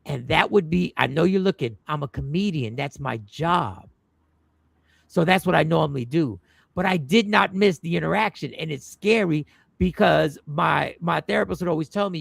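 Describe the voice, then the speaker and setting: A man who is a comedian, hosting a casual livestream chat and telling animated stories that repeat lines for effect. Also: a little high, moderate pace, vocal fry, dry recording, clean studio sound. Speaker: host.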